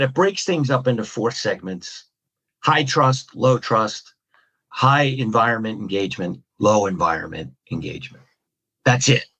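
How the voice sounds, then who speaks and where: A man's voice: medium pitch, muffled recording. A man, a communication trainer and podcast guest, talking through a model step by step with questions and lists. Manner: methodical, lays out points as questions and lists. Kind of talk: explanatory podcast conversation.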